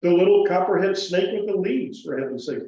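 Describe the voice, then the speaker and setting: Man, folksy animated storyteller, fairly high voice, very echoey hall, distant muffled mic. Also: brisk. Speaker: guest woodcarver speaker. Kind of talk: storytelling talk to a live audience. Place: museum presentation room.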